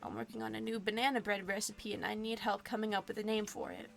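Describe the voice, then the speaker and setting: A woman's voice: mid-range voice, little pitch movement, fast talker, creaky, lightly acted. A woman voicing a friendly, laid-back dad who runs a coffee shop and loves puns, in an easygoing way. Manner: easygoing, punning.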